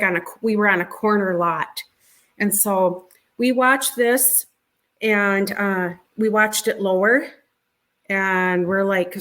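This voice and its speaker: Speaking as an interview guest, a middle-aged woman tells of something she went through herself, in a mid-range, slightly bright voice. Her conversational storytelling is halting, with frequent repeated words and restarted sentences.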